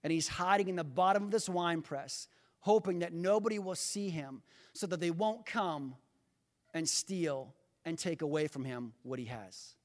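A man preaching a sermon in a high, ringing voice. He talks straight to his congregation and builds to fervent, almost shouted emphasis. The sound carries a long reverb from a large church hall. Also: moderate pace. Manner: rising to impassioned, near-shouting emphasis; addresses the congregation directly. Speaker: pastor.

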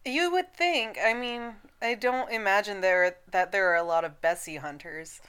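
A woman co-hosting a casual podcast chat, giggly and laughing often, audibly high. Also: normal speed, fairly bright tone, clear, resonant tone. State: high on cannabis. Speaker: podcast co-host.

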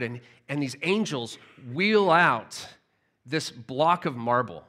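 A man preaching a sermon, telling a story with animated storytelling and frequent word repeats. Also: mid-range voice, slow pace. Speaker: pastor.

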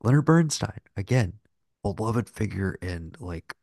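A man's voice: lowish voice, lively intonation, unhurried, vocal fry, a little mellow, no echo, clean studio sound. A man co-hosting a podcast, talking casually and rambling about films, with lots of filler words and cursing. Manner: rambling, profane, heavy filler "like". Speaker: podcast co-host. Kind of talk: casual film discussion.

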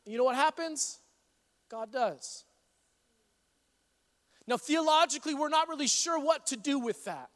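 A man preaching a sermon as pastor, animated and acting out the voices of Bible figures. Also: very high voice, measured pace, long pauses, big-room sound.

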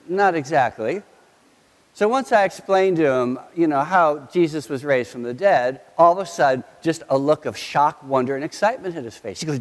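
With long hall reverb around him, a middle-aged man delivers a sermon as pastor at a moderate pace and fairly high pitch. He tells a family story with animation, voicing his sons' lines.

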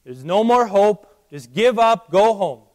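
Loud, taunting Death that tells its hearers all hope is gone, as a preacher puts it on. The voice sits higher than the man's own and rings out with insistent force. A long church reverb trails behind every word. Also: expressive, unhurried. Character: death, a cold merciless taunting voice. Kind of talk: sermon illustration.

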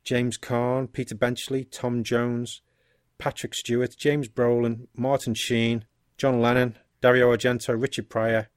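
A man co-hosting a casual film podcast, relaxed and rambling, thinking aloud with fillers. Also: mid-range voice, a little slow, clean tone, dry recording, clean studio sound. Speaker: podcast co-host.

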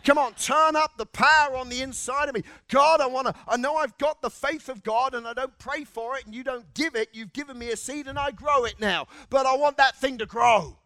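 A man preaching a sermon in a church with passion, rising to shouts and calling the congregation to respond. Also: extremely high pitch, fairly quick, hardly any pauses, no room sound. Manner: impassioned, shouting in bursts, congregational call-and-response.

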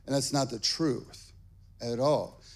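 Animated man preaching a sermon. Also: medium pitch, slow. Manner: animated storytelling with frequent "okay?" asides. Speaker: pastor. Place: church stage.

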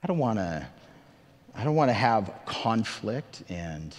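A man's voice: lowish voice, very animated, measured pace. A man preaching a sermon as pastor, earnest and conversational, with self-deprecating asides and emphatic questions to the congregation. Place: church sanctuary. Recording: long reverb of a large hall.

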